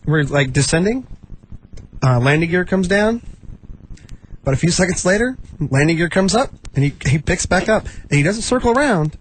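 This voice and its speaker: A woman's voice: on the low side, expressive, moderate pace, slight background noise, rough recording. A woman on a radio show casually recounting a travel story, chatty with fillers. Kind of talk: telling an anecdote on air.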